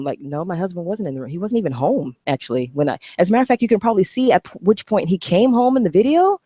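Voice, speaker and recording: A woman's voice: fairly low pitch, animated, fast, hardly any pauses, mellow, no room sound, studio quality. A woman vlogging to camera, talking bluntly and animatedly, swearing freely. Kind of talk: casual talking-head vlog.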